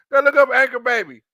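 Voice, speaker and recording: High bright-voiced mocking man. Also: no room sound, muffled recording. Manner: mocking, laughs often, repeats words. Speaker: reaction video host. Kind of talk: casual reaction commentary.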